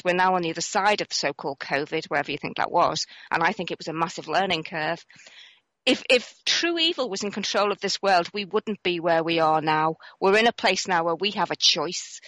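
A woman's voice: on the low side, fairly bright tone, no room sound. A woman guest in a casual conversation, speaking in an earnest, emphatic way.

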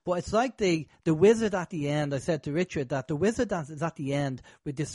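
A man's voice: fairly high pitch, moderate pace, hardly any pauses, a little mellow, husky, no room sound. A man hosting a casual conversation, talking in a rambling, hesitant way with many fillers.

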